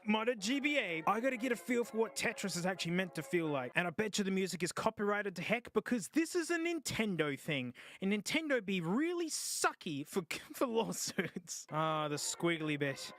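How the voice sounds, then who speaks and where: A man's voice: high voice, very animated, moderate pace, hardly any pauses, fairly bright tone. A man doing casual, jokey live-stream gaming commentary, yelping and groaning at the game as he plays.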